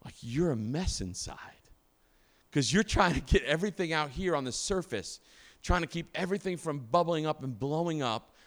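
A man's voice: on the high side, expressive, normal speed. A middle-aged male pastor preaching a conversational sermon, casual and full of fillers and restarts, often asking the congregation questions.

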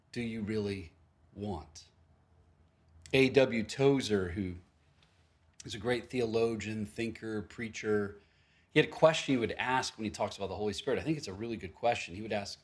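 A male pastor giving a sermon in a conversational, storytelling way, with frequent asides and restarts. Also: on the low side.

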